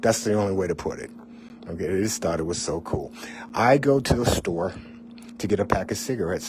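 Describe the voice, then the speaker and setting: Low-voiced middle-aged man telling his story. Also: fairly quick, a little mellow. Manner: candid and conversational, with asides to the listener. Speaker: former TV weatherman. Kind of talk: personal storytelling.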